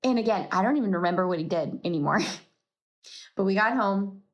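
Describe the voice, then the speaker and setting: A woman's voice: medium pitch, animated, normal speed. A woman hosting a podcast, telling a personal faith story in a reflective way and laughing at herself now and then. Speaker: podcast host.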